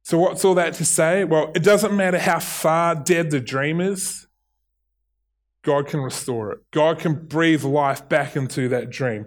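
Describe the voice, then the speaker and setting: A man's voice: on the high side, unhurried. A middle-aged man with a New Zealand accent preaching a sermon, earnest, often restarting and repeating his words. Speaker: pastor.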